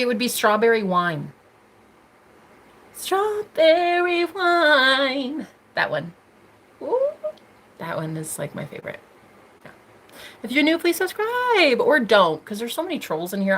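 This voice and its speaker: American woman streamer, bubbly and teasing, swings from squeals to murmurs; lively pitch, light background noise. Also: fast talker, vocal fry. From United States. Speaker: livestream host. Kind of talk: casual livestream chat reading comments.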